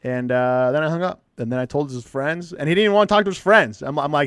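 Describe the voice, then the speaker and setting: Male podcast co-host, animated storyteller, slightly high voice, dry close mic. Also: fast, hardly any pauses, no echo. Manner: animated, acts out quoted voices. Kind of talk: casual storytelling chat.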